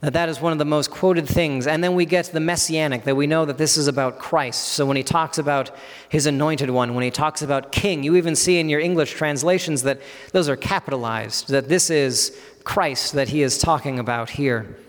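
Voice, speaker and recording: A man's voice: fairly high pitch, normal speed. A man in his thirties giving an earnest expository sermon, walking through a psalm section by section and acting out the quoted voices. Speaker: preacher. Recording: long reverb of a large hall.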